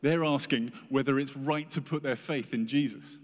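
A man preaching with earnest emphasis, now and then acting out the words of those he quotes. His voice sits at an ordinary middle pitch. A long reverb trails after each phrase, as in a large hall. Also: normal speed. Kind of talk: sermon.

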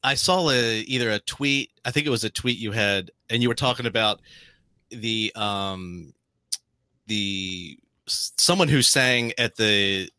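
A man co-hosting a casual interview, telling stories in an animated way and acting out what he and others said. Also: lowish voice, measured pace, clear, resonant tone, no echo. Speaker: podcast co-host.

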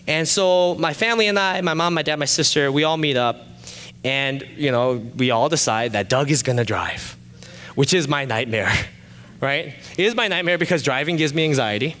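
A male pastor telling a personal story in a sermon, animated and shifting from loud excited retelling to quiet confession. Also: fairly high pitch, moderate pace, long reverb tail, slight background noise.

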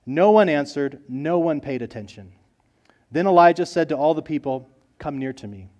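A man preaching a sermon in a fairly high-pitched voice. He talks earnestly, rising loud on key points and then dropping to quiet, low asides. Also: animated, normal speed. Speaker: pastor.

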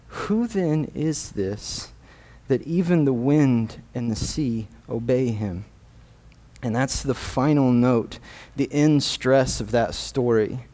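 A man preaching a sermon as a guest speaker in a church, earnest and measured, reading scripture aloud. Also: mid-range voice, a little mellow. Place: church sanctuary.

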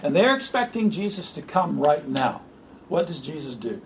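A man preaching an informal sermon to a small group, animated and joking. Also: on the high side, normal speed, a little hiss or hum, poor audio. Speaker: pastor.

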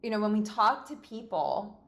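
A woman's voice: medium pitch, expressive, moderate pace, fairly bright tone. A woman hosting a casual conversation, telling stories expressively and laughing often. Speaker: podcast host.

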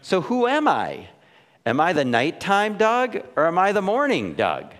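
A male pastor delivers a casual, questioning sermon, checking in with "right?" after his points. His voice climbs and dips with lively swings in pitch. Long reverb from a large hall trails each phrase. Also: unhurried. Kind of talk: conversational sermon.

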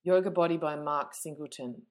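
A woman's voice: low voice, moderate pace. A woman hosting a podcast, talking in a chatty, rambling way, full of fillers and self-mockery. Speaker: podcast host and yoga teacher. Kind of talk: casual podcast chat.

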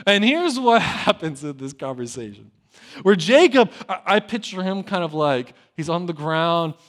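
Guy preaching a sermon, pretty high voice, gets loud then goes quiet, tells the story kinda jokey and casual. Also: normal speed. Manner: animated, swings between loud emphasis and hushed asides; acts out biblical dialogue with conversational humor. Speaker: pastor.

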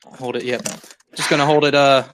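A man's voice: medium pitch, level tone, a little fast, a bit bright, slight background noise. A man hosting a podcast in casual chat, rambling with lots of fillers and laughs. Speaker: podcast host.

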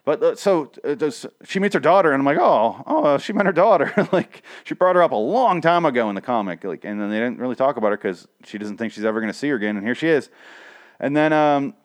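A man hosts a casual, profane comic recap. He rants and swears freely in an animated way. His voice sits in a mid range. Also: medium pitch, fast.

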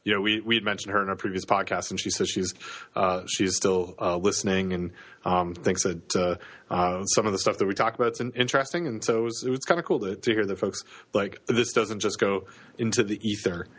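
A man's voice: fairly low pitch, steady tone, fairly quick, fairly bright tone. A man in his thirties with a Canadian accent, co-hosting a podcast in casual chat, with many fillers and restarts. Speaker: podcast co-host.

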